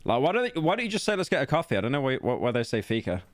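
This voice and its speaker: A man's voice: mid-range voice, big pitch swings, rapid-fire. A man streaming casually, reacting to a video with blunt, crude, rambling remarks.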